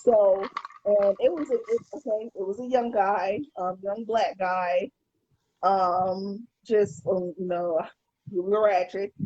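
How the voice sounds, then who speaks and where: A woman's voice: medium pitch, fairly even intonation, takes it slowly, warm tone, dry recording, highs cut off. A woman co-hosting a podcast, telling a story in casual chat, profane and stumbling over repeated words. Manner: profane, repeats words when starting sentences. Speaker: podcast co-host.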